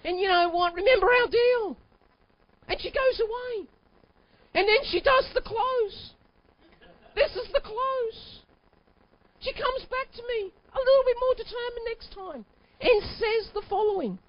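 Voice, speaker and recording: A man in his forties giving an animated, emphatic keynote talk, telling a personal story and at times breaking into shouts. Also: very high-pitched, measured pace, pauses often. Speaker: keynote sales speaker. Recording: dull lo-fi recording.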